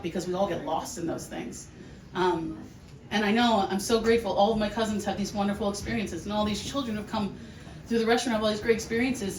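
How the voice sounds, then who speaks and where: A woman giving a heartfelt memorial speech for her uncle, emotional and halting, with restarts and laughs. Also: medium pitch. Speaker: family member giving a eulogy. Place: large hall with an audience. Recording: echoey room, distant mic, noisy.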